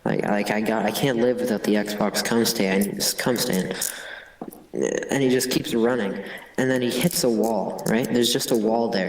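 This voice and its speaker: A man improvising a crude story in a halting, profane way over voice chat. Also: fairly low pitch. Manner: halting, profane, full of restarts. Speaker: comedy game player. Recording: echoey distant mic.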